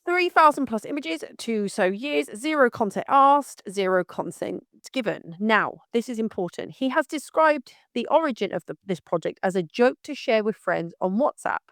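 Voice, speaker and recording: A woman's voice: on the high side, sing-song, normal speed, few pauses, no echo, studio quality. A woman hosting her own podcast, giving outspoken and emphatic commentary in a direct manner. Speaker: podcast host. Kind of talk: opinionated commentary.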